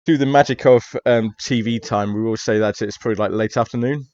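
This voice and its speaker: A man's voice: lowish voice, a little fast, a little mellow, dry recording, lo-fi sound. Man narrating a tabletop mystery game. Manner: rambling, hesitant narration with many fillers. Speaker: game master.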